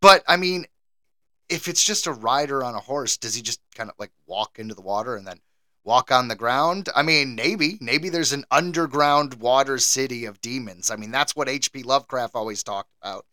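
Male podcast co-host, bright and lively, quick to laugh, dry close recording. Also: medium pitch, dry recording. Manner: animated, laughs often, jokey. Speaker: game show quizmaster. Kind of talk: casual podcast chat.

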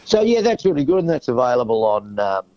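A man, a musician being interviewed, chatting and joking with lively stories. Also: medium pitch, fast, highs cut off. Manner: jokey, storytelling, animated. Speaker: guest musician. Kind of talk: casual interview chat.

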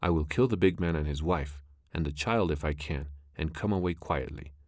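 A man voicing a large, deadly male cobra in a storybook reading, slow and deliberate. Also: rumbling low, darkish tone, no room sound, clean studio sound. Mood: menacing.

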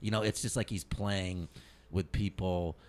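A man hosting a casual comedy podcast live from a comedy club. He talks excitably and swears constantly. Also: sits low, measured pace. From Indiana. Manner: profane, excitable, loud bursts of laughter. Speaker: podcast host.

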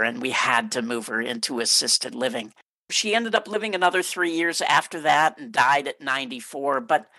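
Bright, dry-sounding middle-aged man. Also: mid-range voice, dry recording, poor audio. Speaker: storyteller. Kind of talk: personal story told on stage.

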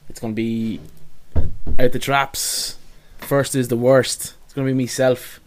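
A man hosting a casual sports podcast, introducing segments with frequent pauses and "um"s. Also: medium pitch, level tone. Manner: runs the show, with frequent "um"s. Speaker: podcast host.

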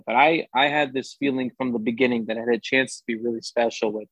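A man's voice: mid-range voice, fairly even intonation, quick pace, few pauses, fairly bright tone, no echo, dull audio. A young man, a sports anchor, chatting casually as a podcast guest and often restarting his sentences with upbeat energy.

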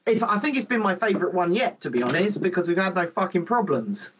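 A man's voice: high-pitched, very animated, quick pace, a little hiss or hum, poor audio. A man with an English accent hosting a podcast, chatting casually with sarcastic jokes and heavy swearing. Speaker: podcast host. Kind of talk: casual chat.

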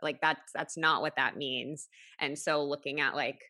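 A woman hosts a podcast and speaks in a measured, thoughtful way. Her voice sits low but has a bright edge. The recording is dry and close. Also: fairly even intonation, dry recording. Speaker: podcast host, coach. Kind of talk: casual podcast conversation.

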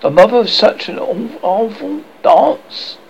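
A man's voice: high voice, lively intonation, unhurried, vocal fry, a little hiss or hum, pitched above the performer's own voice, full character voice, low-quality recording. A man reading aloud and voicing a bossy, motherly young girl who scolds and fusses over the other children. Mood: fond. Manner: fussy, scolding.

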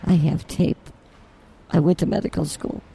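High gravelly man blustering in mock anger. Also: moderate pace. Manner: mock-angry bluster, loud threats. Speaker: podcast co-host. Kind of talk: improvised comedy banter. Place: grocery store.

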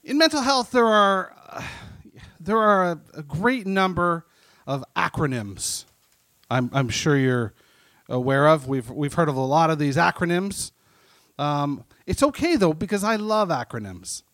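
A man hosting a live comedy night on a stage mic, telling halting pun-based one-liners. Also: a little high, animated, fairly bright tone, no room sound. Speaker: comedy show host. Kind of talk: stand-up emcee. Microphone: stage microphone.

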